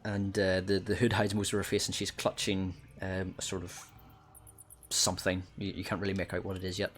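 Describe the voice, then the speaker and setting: A man's voice: deep voice, completely flat delivery, fairly quick, fairly bright tone. A man narrating as game master of a tabletop game, hesitant, full of ums and restarts.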